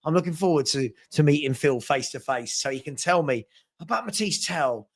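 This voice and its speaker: A man's voice: on the high side, lively intonation, normal speed, gravelly. A man hosting a casual live fan chat, thanking viewers by name and answering the chat. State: hiccups. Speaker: fan channel host.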